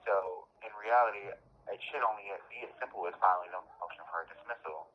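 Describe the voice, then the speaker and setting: A man's voice: lowish voice, fast. A man held in jail, talking earnestly and emphatically in an interview, often repeating and restarting his phrases. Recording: muffled phone line with faint hiss.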